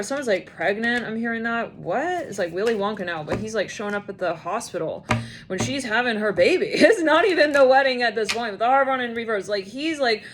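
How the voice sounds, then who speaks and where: A woman's voice: a little high, lively intonation, brisk, slight background noise. A woman giving a casual tarot reading, rambling and acting out imagined scenes in quoted voices. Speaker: tarot reader.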